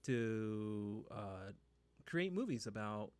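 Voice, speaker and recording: A man co-hosting a podcast in casual chat, laid-back and teasing, pausing often with fillers. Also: lowish voice, lively intonation, a little mellow, clean tone, no room sound. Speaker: podcast co-host.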